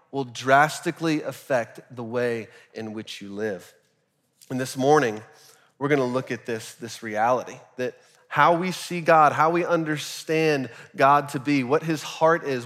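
A man in his thirties, a pastor giving a sermon, earnest and halting, often restarting his words. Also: mid-range voice, a bit bright, in a large hall. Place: church sanctuary.

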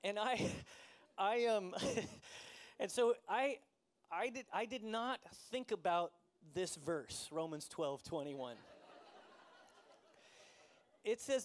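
High-pitched guy preaching, chatty storytelling sermon, laughs at himself a lot. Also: lively intonation, slow, long pauses. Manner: conversational storytelling, self-deprecating, laughs often. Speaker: pastor.

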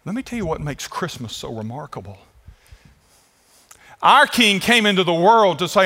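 A man's voice: sits high, sing-song, moderate pace, pauses often, bright, forceful tone. A man preaching a sermon as pastor, emphatic, stretching out phrases and putting questions to his congregation. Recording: echoey hall.

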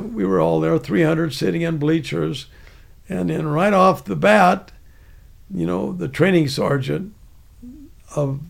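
Gravelly older man telling war stories. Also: fairly high pitch. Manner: rambling, chuckling, with restarts. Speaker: veteran storyteller. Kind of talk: casual spoken anecdote.

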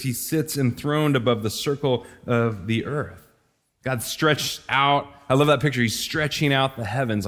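A man's voice: medium pitch, fairly bright tone. Casual-sounding male preacher. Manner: casual, conversational preaching with slang and laughs. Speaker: pastor. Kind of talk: sermon.

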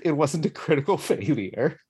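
A man's voice: fairly high pitch, very animated, moderate pace, a little mellow, breathy edge. Laid-back slangy man at a game table. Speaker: player.

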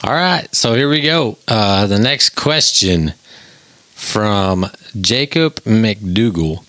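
Middle-aged male host, low voice, blunt and emphatic, bright tone. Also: animated, takes it slowly, no echo. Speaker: podcast host reading listener questions. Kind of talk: casual chat.

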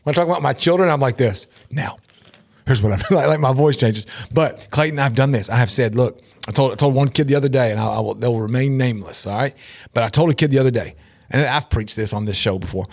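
A middle-aged man co-hosting a casual talk show, animated and laughing often as he acts out quotes in shifting voices. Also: medium pitch, fast, vocal fry. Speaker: podcast co-host. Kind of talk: casual chat.

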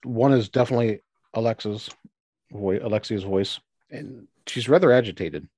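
A low-pitched man acts as game master for a tabletop role-playing session, often stopping and restarting his sentences as he describes the scene. His voice sounds close and dry, with little room around it. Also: a little mellow, dry recording. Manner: halting, restarts phrases while describing scenes.

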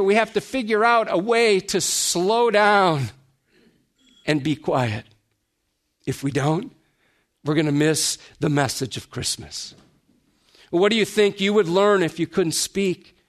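A male pastor preaching a sermon, explaining a scripture passage and asking his listeners rhetorical questions, slowing down when he reads the verses aloud. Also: on the high side. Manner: slows to a deliberate pace when reading scripture.

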